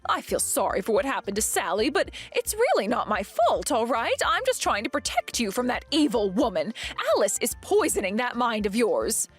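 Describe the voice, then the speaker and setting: A woman's voice: fairly high pitch, big pitch swings, moderate pace, hardly any pauses, slightly rough, soft background music. A woman voicing a domineering middle-aged mother-in-law who accuses and bullies, in a dramatized text-message story. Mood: defensive. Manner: accusing and self-righteous.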